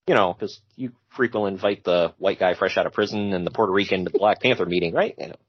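A podcast co-host with a low, husky voice talks fast as he casually recaps wrestling, adding jokey asides and laughing often. There's no echo, but the sound is dull and lo-fi.

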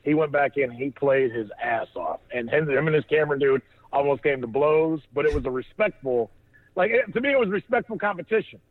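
A man's voice: on the high side, animated, brisk. A man telling a rambling story, full of restarts and laughter, as a podcast co-host. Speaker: podcast co-host on a phone line. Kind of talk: casual storytelling chat. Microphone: phone. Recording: tinny phone line.

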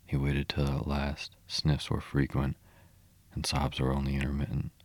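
A man reading a storybook aloud in a steady, measured way. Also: extremely low pitch, dry recording. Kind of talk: reading a children's classic aloud.

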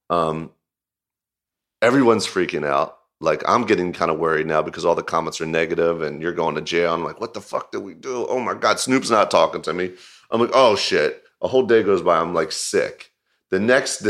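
Male video director, deep voice, loose filler-heavy interview storytelling. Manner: animated, laughing retelling. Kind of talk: casual anecdote in an interview.

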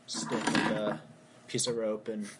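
Easygoing lower-voiced man from Baltimore. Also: completely flat delivery, unhurried, very noisy. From Baltimore, USA. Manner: easygoing, rambling storyteller with fillers. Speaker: guest. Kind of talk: casual podcast interview.

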